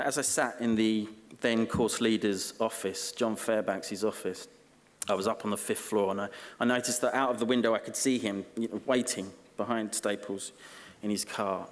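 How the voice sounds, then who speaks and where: Low-voiced man in a reverberant hall. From Essex, England. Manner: self-deprecating, dry, halting with ums. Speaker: honorary graduate giving an acceptance speech. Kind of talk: comic ceremony speech. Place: large graduation ceremony hall.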